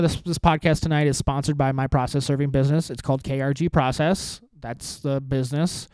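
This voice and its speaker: A man's voice: fairly high pitch, darkish tone, smooth, no room sound. A man in his thirties hosting his own podcast, a stand-up comic talking in a rambling, self-mocking, profane way. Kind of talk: casual solo podcast monologue.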